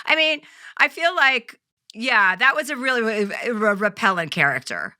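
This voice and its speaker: A middle-aged woman hosts a casual talk show with a bright, clear voice. She teases her guest and laughs often as she talks. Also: a little high, sing-song, normal speed. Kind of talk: casual chat.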